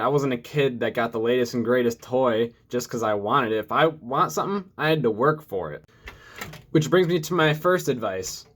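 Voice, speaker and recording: A man in his mid-twenties from Metro Detroit, hosting a casual vlog and telling his story to camera in an upbeat, steady way. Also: mid-range voice. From Metro Detroit, USA. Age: 20s. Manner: upbeat, energetic greeting, then steady storytelling. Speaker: vlogger.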